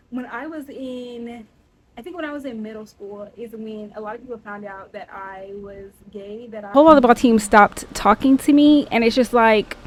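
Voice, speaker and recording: A woman's voice: high voice, darkish tone, low-quality recording. A young adult woman hosting a casual solo podcast, talking in a blunt, sassy and playfully indignant way. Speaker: podcast host.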